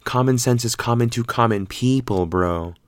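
A man's voice: medium pitch, moderate pace, clean tone, no echo, studio quality. A man casually retelling a story, rambling and swearing freely, quoting other people as he goes. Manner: rambling, profane, animated retelling with quoted voices.

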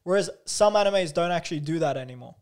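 A man's voice: a little high, lively intonation, fast, darkish tone. A young man co-hosting a podcast in casual chat, teasing, swearing and laughing often. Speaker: podcast co-host.

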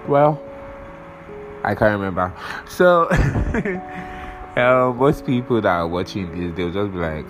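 A man's voice: lowish voice, lively intonation, takes it slowly, long pauses, music in the background, low-quality recording. A young man hosting a podcast, rambling casually, swearing often and losing his train of thought while he has a cold. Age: young adult. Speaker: podcast host.

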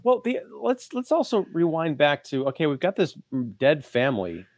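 A man's voice: a little high, big pitch swings, normal speed, dry recording, clean studio sound. A man co-hosting a casual movie podcast, talking in a wry, sarcastic way with casual swearing. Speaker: podcast co-host.

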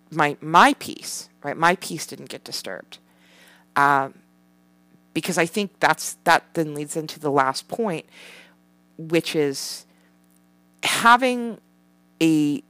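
Low-voiced mother sharing parenting tips. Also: a bit bright, no room sound. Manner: rambling, frequent fillers, casual swearing. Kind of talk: casual chat.

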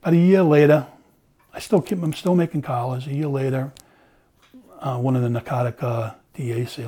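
A man's voice: mid-range voice, steady tone, fairly quick, dark tone, breathy edge. A middle-aged man, a former police officer, telling a story in casual conversation, acting out the dialogue and swearing freely.

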